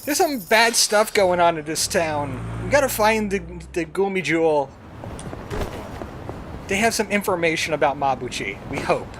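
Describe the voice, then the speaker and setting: A man's voice: high voice, lively intonation, moderate pace, background noise. A man streamer giving casual, rambling commentary while playing a game, chatting to himself and his viewers. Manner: rambling, chatty, self-talking.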